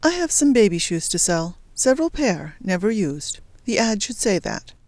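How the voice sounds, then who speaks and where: A woman voicing a brisk, sly young woman in mourning who speaks prim and matter-of-fact. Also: medium pitch, sing-song, a little mellow, no echo.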